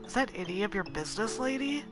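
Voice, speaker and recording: A woman's voice: mid-range voice, expressive, quick pace, music in the background, natural voice. A woman voicing a rude, sullen village boy who answers in curt, dismissive lines in a story game. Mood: scornful.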